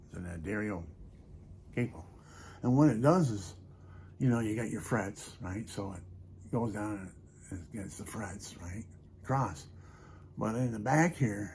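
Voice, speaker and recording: Older man, gravelly low voice, soft-spoken rambling, faint hiss behind. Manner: chuckles often, talks softly and low. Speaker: vlogger and hobby guitarist. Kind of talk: off-the-cuff rambling monologue.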